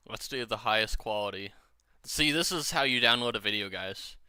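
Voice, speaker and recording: Tipsy male streamer from Washington, rambling and profane; very bright, crisp voice, dry close sound. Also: fairly low pitch, normal speed, no echo. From Washington state. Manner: rambling, profane, chatty with viewers. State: a little drunk. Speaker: gaming streamer. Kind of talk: casual stream chat.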